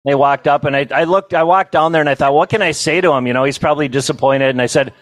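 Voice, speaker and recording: A middle-aged man telling funny stories at a banquet, in a folksy, self-amused way with quick asides to the crowd. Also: fairly high pitch, a bit bright, dry recording, poor audio. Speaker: banquet storyteller and comedian. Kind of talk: humorous storytelling to a live audience.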